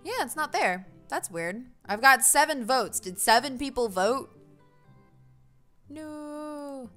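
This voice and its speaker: A woman's voice: on the high side, animated, moderate pace, sharp tone, soft background music. A young woman streaming a dating game, chatting casually with viewers in a giggly, self-mocking way. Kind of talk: casual livestream commentary.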